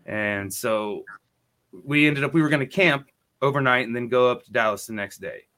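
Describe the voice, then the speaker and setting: A man's voice: medium pitch, normal speed. Profane rambling male storyteller. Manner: rambling, profane, animated quoting. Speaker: podcast co-host. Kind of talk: casual storytelling.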